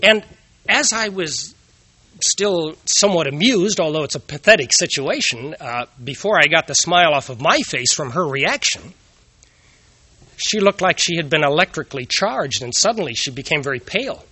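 A man's voice: on the high side, expressive, normal speed, sharp tone, husky, dry recording. A man giving an earnest moral talk, telling personal anecdotes and asking rhetorical questions.

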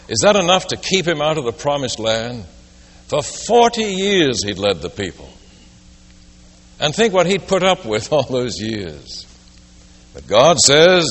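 A man's voice: a little high, very animated, unhurried, long pauses, a bit bright. A man preaching a sermon, telling a story and posing rhetorical questions. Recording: long reverb of a large hall.

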